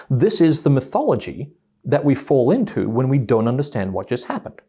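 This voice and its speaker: A man's voice: medium pitch, brisk, husky. A man telling a story to an audience about communication styles, acting out both sides of a quoted argument. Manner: animated, acts out both sides of quoted dialogue.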